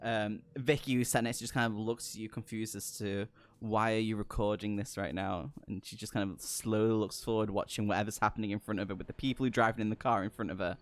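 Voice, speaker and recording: A man's voice: on the low side, steady tone, fast, few pauses. A man narrating a tabletop game as game master, hesitant with many fillers.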